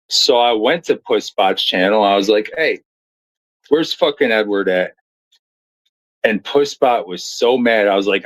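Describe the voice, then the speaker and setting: A man's voice: lowish voice, fairly bright tone, poor audio. A man commentating on clips and reading viewer comments in a blunt, profane, storytelling manner. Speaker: streamer commentator.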